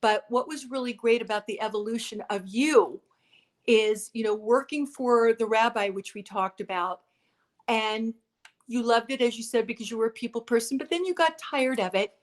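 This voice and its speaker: A woman hosting a casual interview chat. Her voice sits fairly high, and she talks in a chatty, playful way. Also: moderate pace. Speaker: host.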